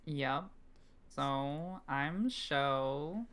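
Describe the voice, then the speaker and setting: A man's voice: a little high, very slow, fairly bright tone, smooth. A man who is a former co-host, now a player, talking in a sassy, drawling way. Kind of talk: casual chat.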